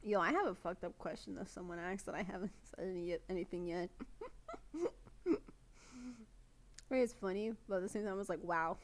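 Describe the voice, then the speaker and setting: A woman's voice: mid-range voice, a little fast, long pauses. A woman streamer chatting casually while playing a game, giggly and swearing freely. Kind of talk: casual gameplay commentary. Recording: game music behind.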